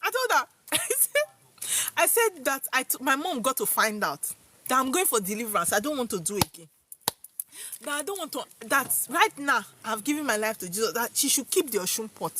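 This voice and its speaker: A young Nigerian woman telling viewers a personal story in an expressive, dramatic way, her speech mixed with Pidgin. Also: fairly high pitch, a little fast, slight background noise. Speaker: vlogger.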